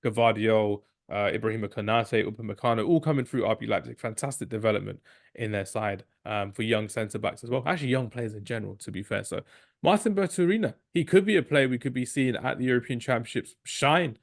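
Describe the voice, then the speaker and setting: Chatty football podcast host. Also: male voice, medium pitch, vocal fry. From England. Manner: jokey, chatty, rapid asides. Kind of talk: casual football chat.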